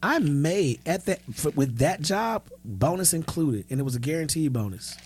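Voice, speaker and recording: A man in his thirties tells stories on a podcast in a lively, unfiltered way, voicing the people he quotes as he goes. His voice sits a little high for a man. He speaks casually, swearing freely. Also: normal speed, breathy edge. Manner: animated storyteller who acts out quoted dialogue; frank and profane. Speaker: podcast co-host. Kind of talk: casual storytelling chat.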